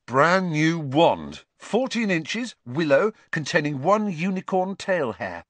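A man voicing a cheeky, joking teenage boy who talks in quick, teasing, excitable bursts. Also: fairly high pitch, no room sound, voice pushed up, heavily acted.

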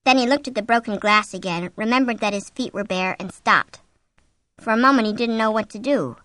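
A woman reading a horror novel aloud as an audiobook, with an expressive, suspenseful delivery on a close mic. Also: a little high, a little fast, no echo. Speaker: audiobook narrator. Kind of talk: scripted narration of a horror novel.

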